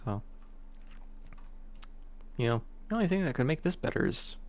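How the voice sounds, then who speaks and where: A man's voice: medium pitch, very animated, normal speed. A male streamer chatting casually while playing, in a rambling, playful, self-mocking way. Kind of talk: casual gameplay chat.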